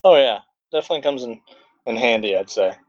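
Relaxed male podcast co-host, lo-fi. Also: mid-range voice, fast talker. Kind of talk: casual chat. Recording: dull lo-fi audio.

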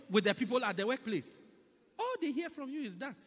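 A man's voice: extremely high pitch, big pitch swings, brisk, a bit bright. A man preaching a sermon in a church, emphatic and repetitive, slipping into mocking impressions. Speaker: pastor. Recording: long reverb in a large hall.

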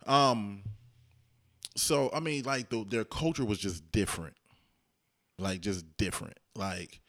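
A man co-hosting a casual chat, telling travel stories and acting out what people said. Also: on the low side. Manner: animated, acts out quotes with voices. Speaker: podcast co-host.

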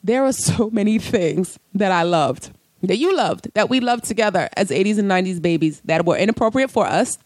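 Late-30s woman doing her own podcast, chatty and animated, dry close mic, no room sound. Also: mid-range voice, a little fast, no room sound. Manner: animated, breaks into singing snippets and laughs. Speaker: podcast host. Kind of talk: casual solo podcast monologue.

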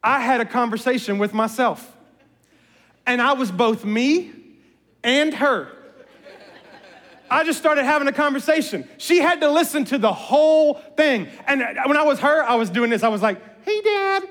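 A middle-aged man preaching a sermon, telling animated personal stories with humor. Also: very high-pitched, moderate pace. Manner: animated storyteller, jokes and voices family members. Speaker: pastor. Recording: reverberant hall.

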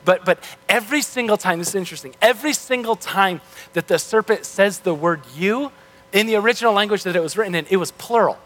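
A man's voice: sits high, quick pace, fairly bright tone, long reverb tail. A male pastor giving a sermon in a loose, conversational way with frequent restarts, heard in a church. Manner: casual, conversational, self-correcting.

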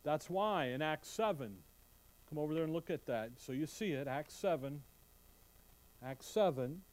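Speaking at a normal pace in a voice on the high side, a man delivers an expository sermon, reading King James scripture aloud. He animatedly quizzes his congregation with questions.

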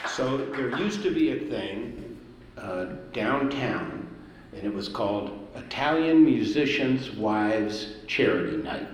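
An older man who composes music, telling lively anecdotes to an audience and jumping up in pitch to stress a point. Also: slow pace, echoey room, in a large hall, background noise. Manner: animated anecdotes, swings up in pitch for emphasis. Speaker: composer, speaker at an event. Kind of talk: storytelling to an audience.

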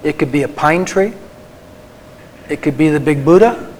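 A man, a Christian psychologist, giving an earnest faith talk to a group, slowing down and softening for emphasis. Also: a little high, slight background noise, poor audio. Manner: earnest, tender, slows for emphasis.

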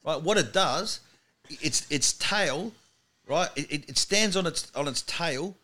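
A comedian telling animated stories as a podcast guest in a studio. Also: male voice, on the high side, takes it slowly. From Australia. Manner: animated anecdote teller. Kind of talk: storytelling in podcast chat.

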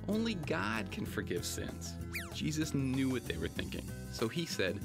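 A man narrating a children's Bible story video in a put-on American accent, lively and playful. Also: medium pitch, measured pace, creaky, exaggerated voice. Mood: upbeat. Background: background music.

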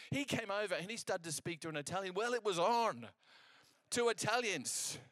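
A man preaching a sermon, telling a personal story in an animated, conversational way and acting out the exchanges, with frequent restarts. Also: high voice, quick pace, dry recording.

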